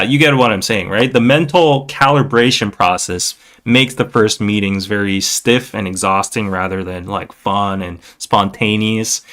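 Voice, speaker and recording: A man's voice: lowish voice, a bit bright. A man in his thirties from South Korea, hosting a podcast in a loose, chatty way, full of fillers like "like" and "you know". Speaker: podcast host. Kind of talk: casual podcast chat.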